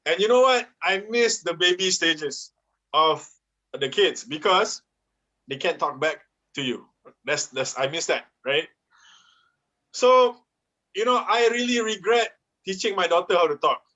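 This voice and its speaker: A man's voice: high-pitched, animated, unhurried, long pauses, bright, forceful tone, highs cut off. A man in his thirties with a Malaysian English accent doing a chatty stand-up comedy set and laughing at his own jokes. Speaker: musical comedian.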